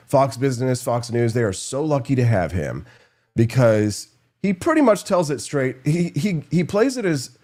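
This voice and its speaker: Rambling, animated male podcast host. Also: mid-range voice. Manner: rambling, animated storytelling with impressions. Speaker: show host. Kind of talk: casual political commentary.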